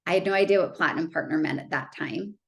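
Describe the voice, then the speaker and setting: A woman speaker telling a personal story to an audience, animated and chatty, full of "like" fillers. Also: sits low, quick pace, gravelly, highs cut off. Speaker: motivational speaker.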